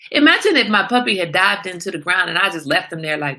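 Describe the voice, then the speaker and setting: A woman's voice: lowish voice, lively intonation, a little fast, pushed and bright. A woman hosting a casual livestream, talking emphatically and asking rhetorical questions, like a small sermon. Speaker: livestream host.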